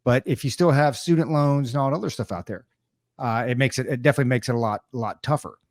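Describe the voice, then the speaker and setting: A man's voice: medium pitch, fast, no room sound, studio quality. A man hosting a podcast, telling a story casually and acting out the voices of the people in it. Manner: storytelling, animated quoting of others. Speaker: podcast host. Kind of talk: casual chat.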